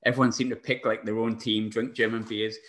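Male podcast host, chatty and rambling, slightly low pitch. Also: little pitch movement, a little fast, a bit bright. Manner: chatty, rambling, laughs a lot. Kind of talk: casual chat.

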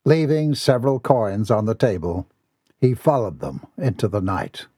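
A man's voice: fairly low pitch, very animated, moderate pace, warm tone, husky, no room sound, studio quality. A man narrating a comic novel as an audiobook in a theatrical, wry manner. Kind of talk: scripted narration.

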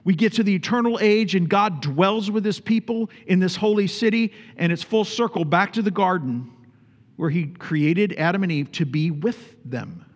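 A man's voice: high voice, normal speed, long reverb tail. A man preaching a sermon as pastor, emphatic, repeating phrases for stress and putting questions to his congregation.

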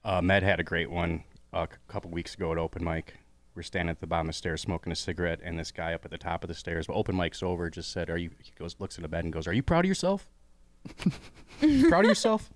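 A man's voice: low voice, no echo. A man in casual podcast chat, telling funny anecdotes from the comedy scene. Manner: fast, lively anecdote telling.

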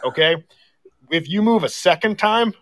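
A man's voice: sits high, expressive, normal speed, a bit bright, no echo. A man guesting on a podcast, telling profane anecdotes in casual chat.

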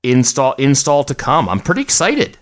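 This middle-aged co-host speaks at a moderate pace in a mid-range voice whose pitch swoops wildly. In the podcast's casual banter he jokes, wanders, and keeps starting over.

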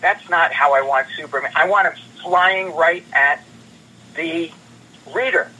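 A man doing an excitable elderly comics legend. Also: fairly high pitch, a little slow, slightly rough, voice pushed up, full character voice, rough recording. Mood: coaxing. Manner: insistent, theatrical.

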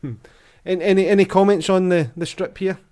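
A man hosts a relaxed football podcast, reading from an old magazine and quizzing his co-host. His voice is dark and mellow, with a chatty, easygoing delivery. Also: sits high, moderate pace, clear, resonant tone. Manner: chatty, reads quotes aloud with lively voices. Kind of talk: casual football chat.

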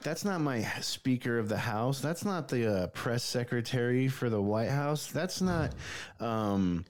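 A man's voice: mid-range voice, expressive, measured pace. Profane rambling male podcast host. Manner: rambling, heavy filler, swears often. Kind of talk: casual profane chat.

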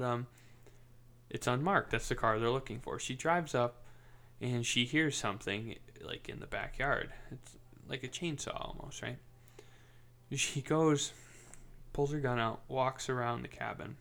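A man's voice: mid-range voice, creaky, fairly bright tone. A young man casually retelling a film plot as a vlogger, rambling, swearing often and laughing at his own telling. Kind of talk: casual movie recap.

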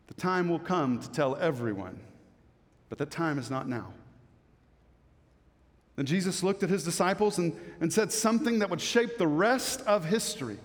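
A man preaching a sermon with a high-pitched voice that carries a long, ringing reverb. He is emphatic, pressing hard on key words and then dropping to a hushed tone. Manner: emphatic, swinging from loud to hushed. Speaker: pastor.

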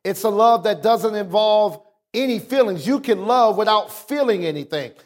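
A man's voice: lively intonation, a little mellow. A male pastor preaching a sermon, calling out to the congregation and stretching out words for emphasis. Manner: preaching with call-outs to the congregation; swings from low explaining talk to raised, drawn-out emphasis.

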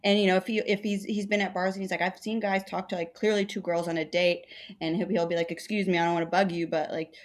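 A woman's voice: medium pitch, flat delivery, quick pace, few pauses. A woman comedian in a casual conversation, rambling through stories with many fillers and acting out what other people said. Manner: rambling storytelling, acts out quoted voices, many "like" fillers.

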